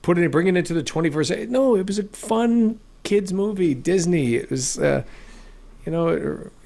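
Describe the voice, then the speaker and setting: Gravelly, blunt man. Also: high-pitched, animated, normal speed, mellow. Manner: blunt and dismissive. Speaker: co-host. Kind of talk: casual chat.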